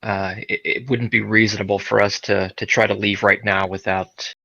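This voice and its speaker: A man playing a tabletop game, speaking in character in a measured, reasoning way. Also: on the low side, level tone, gravelly, pushed and bright, no echo, highs cut off. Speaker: player.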